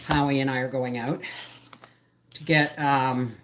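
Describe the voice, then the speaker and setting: A woman's voice: extremely low pitch, fairly even intonation, measured pace, slight background noise. A middle-aged woman hosting a casual live stream from her home kitchen, rambling and jumping between topics as she chats. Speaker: homesteader livestream host.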